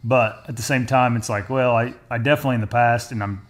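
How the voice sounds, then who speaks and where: A man co-hosting a podcast, laid-back and quiet, talking casually with many short agreements. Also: mid-range voice, fairly even intonation, quick pace.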